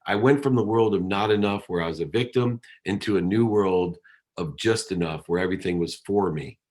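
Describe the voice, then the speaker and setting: A man's voice: sits low, brisk, darkish tone. A middle-aged man giving a motivational keynote, telling a personal story with dramatic delivery. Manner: dramatic storytelling, acts out quoted dialogue. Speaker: keynote speaker.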